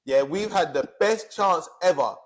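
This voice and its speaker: A man's voice: fairly high pitch, animated, a little slow. A man, ranting and swearing as a podcast co-host in heated casual chat. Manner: angry, swearing, fired up.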